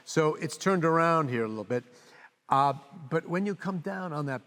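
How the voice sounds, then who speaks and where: A man's voice: fairly high pitch, normal speed. An older man conducting a master class, coaching a brass player and singing phrases aloud to show how they go. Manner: animated, sings phrases aloud. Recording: reverberant hall.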